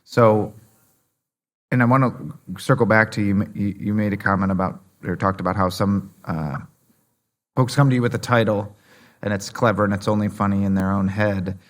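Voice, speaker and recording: A man's voice: lowish voice, fairly even intonation, moderate pace. A man hosting a podcast interview, asking long questions with many restarts and fillers. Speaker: podcast host. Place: conference venue.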